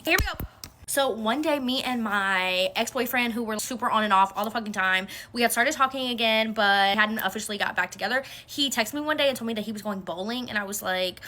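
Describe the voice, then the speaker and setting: Fast, bright-voiced woman telling a story. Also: mid-range voice. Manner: animated, profane, gossipy. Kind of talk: casual storytime vlog.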